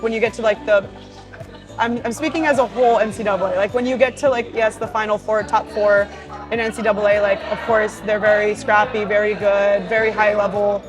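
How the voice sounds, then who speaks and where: Over background music, a chatty young Hawaiian woman, a pro volleyball player, does a casual Q&A, reading out fan questions and responding. She sounds upbeat and fills her speech with "like" and "you know," speaking fairly quickly in a mid-range voice with little pitch movement on poor audio.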